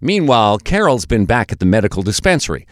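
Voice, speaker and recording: A man narrating a documentary podcast in a measured, storytelling delivery. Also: on the low side, big pitch swings, no echo, clean studio sound.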